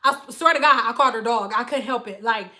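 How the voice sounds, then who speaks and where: A woman with a Detroit accent tells a profane story in a high, bright voice on a livestream. She talks animatedly and breaks off to thank donors. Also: quick pace. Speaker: hairstylist and livestream host.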